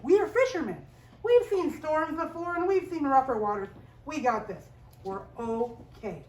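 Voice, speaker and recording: Woman doing fishermen reassuring themselves, steady, high voice, far from the mic. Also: moderate pace. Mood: self-assured. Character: group of fishermen, confident then worried. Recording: roomy sound from a distance.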